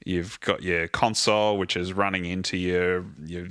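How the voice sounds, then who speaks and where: A man, a theatre musical director, telling animated anecdotes as a guest in a casual interview and swearing freely. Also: sits low, normal speed, clear, resonant tone, no room sound, clean studio sound.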